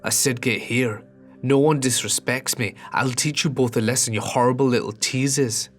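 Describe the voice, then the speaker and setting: A man voicing a rough, leering Irish creep in a horror story reading, with an Irish accent. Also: medium pitch, huge pitch swings, unhurried, soft background music, voice pushed up, full character voice. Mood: angry, threatening.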